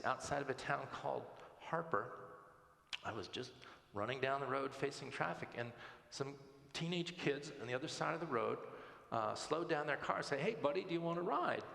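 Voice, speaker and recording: A man with a gravelly, creaky edge tells a personal faith story in a relaxed, conversational way, often tripping over and repeating his words. His voice rings through a big church with a long, echoing tail. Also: medium pitch. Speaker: guest speaker telling his faith story. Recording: echoey church hall reverb.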